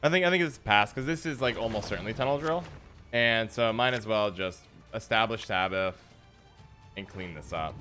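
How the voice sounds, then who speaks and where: A man's voice: fairly low pitch, normal speed, sharp tone, faint music behind. A man streaming a card game, chatting playfully with his viewers and teasing opponents as he plays. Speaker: gaming streamer. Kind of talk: live card game commentary.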